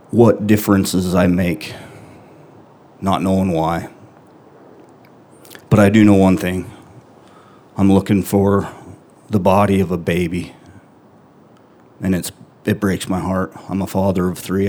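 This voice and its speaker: A middle-aged man telling a personal story to an audience, his voice deep and low. He speaks in an even, steady tone with little rise and fall, earnest and halting, leaving long pauses between phrases. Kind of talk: live first-person storytelling.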